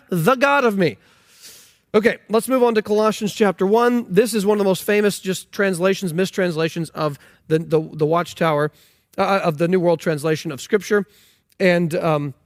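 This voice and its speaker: A man's voice: high-pitched, no echo, studio quality. A man preaching a sermon on scripture, emphatic and incredulous, with frequent restarts. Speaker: pastor.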